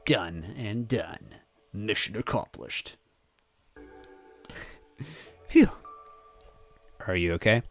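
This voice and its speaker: Animated man reading a game aloud. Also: lowish voice, faint music behind. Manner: animated, joking, quick laughs. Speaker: let's play host. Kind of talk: let's play commentary, reading game text aloud.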